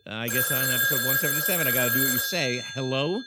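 A man's voice: medium pitch, quick pace, heavy background noise. A man hosting a comedy podcast in a dry, wry, playful way. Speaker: host.

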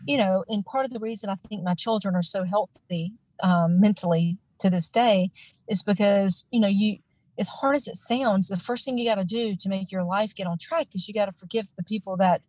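A woman's voice: mid-range voice, a little fast, darkish tone, no echo, poor audio. A woman in her forties, a guest in an interview, telling an emotional personal story in an earnest way, with many fillers and restarts.

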